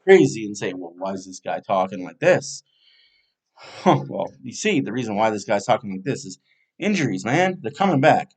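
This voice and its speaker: A man's voice: fairly low pitch, very animated, moderate pace, a little mellow, breathy edge. A man hosting a fan podcast, casually previewing a hockey team's schedule and thinking aloud as he talks.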